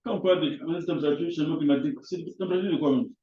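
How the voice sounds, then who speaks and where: A man teaching an English class, halting and often repeating his words. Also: on the high side, mellow. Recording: echoey classroom, dull lo-fi sound.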